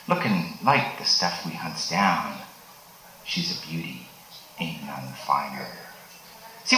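A man's voice: deep voice, bright, forceful tone. A man voicing a boastful, hard-drinking male asteroid miner who talks like a pirate, reciting rhymed verse in the cowboy-poetry manner at a live open stage. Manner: rhyming cowboy-style verse in pirate dialect. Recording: echoey open stage with room noise.

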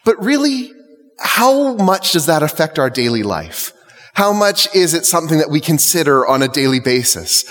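A man's voice: a little high, sing-song, moderate pace, a bit bright. A male clergyman preaching a sermon to his congregation in a conversational, lightly humorous way. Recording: long church reverb.

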